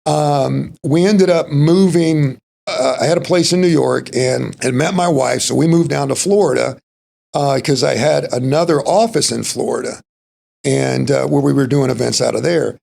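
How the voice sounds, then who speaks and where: Middle-aged Texan man, Texas accent, chatty interview guest, heavy gravel, husky tone. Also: medium pitch, normal speed, a little mellow. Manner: rambling, folksy, full of "you know" and "like". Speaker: podcast guest. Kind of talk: casual interview storytelling.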